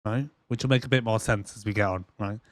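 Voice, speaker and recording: A man co-hosting a casual movie review podcast, animated and swearing a lot as he acts out movie lines. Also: fairly low pitch, quick pace, no room sound. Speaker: podcast co-host.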